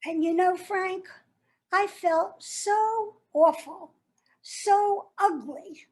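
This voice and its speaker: A woman's voice: extremely high pitch, very slow, heavily acted. An actress playing a jilted woman who turns bitter and sardonic as she addresses her former lover in a stage monologue. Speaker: actor performing a monologue.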